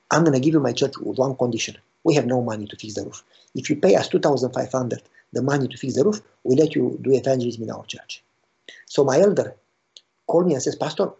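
A pastor telling a story in a sermon, animated and acting out the dialogue with a rising voice. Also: male voice, medium pitch, vocal fry, breathy edge. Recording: dull lo-fi recording.

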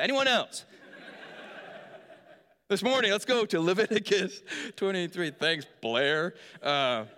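A man's voice: high-pitched, bright, forceful tone. A man preaching a sermon in a church hall, joking with the congregation and quizzing them. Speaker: pastor. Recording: long reverb of a large hall.

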